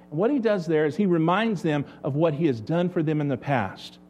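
A man's voice: a little high, brisk, few pauses, darkish tone. A man preaching a sermon as pastor, asking the congregation rhetorical questions.

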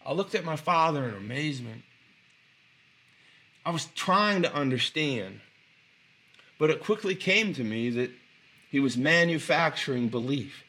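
A man's voice: on the high side, expressive, measured pace, pauses often, bright, forceful tone. Emphatic man giving an inspirational speech. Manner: emphatic, draws out key phrases, frequent restarts. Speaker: motivational speaker.

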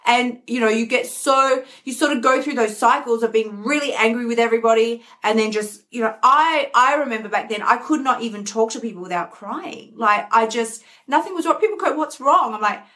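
A woman with a somewhat high voice talks to her listeners candidly, confiding and emotional. She leans on repeated words for emphasis, speaking as the host of her own show. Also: fairly quick, few pauses, fairly bright tone. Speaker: podcast host. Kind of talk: candid personal talk. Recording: live stream.

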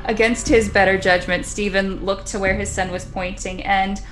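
A woman's voice: mid-range voice, fairly even intonation, normal speed, a bit bright, soft background music. A woman casually telling a ghost story on a podcast, chatty and laughing now and then. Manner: chatty, laughs often, acts out quotes.

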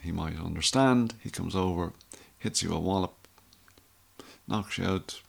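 A man's voice: deep voice, unhurried, gravelly. A middle-aged Irish man telling a rambling, wry story in a casual monologue. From Ireland. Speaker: vlogger.

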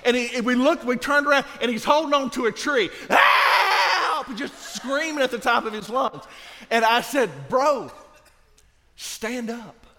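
High-voiced pastor in a reverberant hall. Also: male voice, a little fast, a little hiss or hum. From Louisiana. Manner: emphatic, swinging from loud to hushed. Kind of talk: sermon. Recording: long reverb of a large hall.

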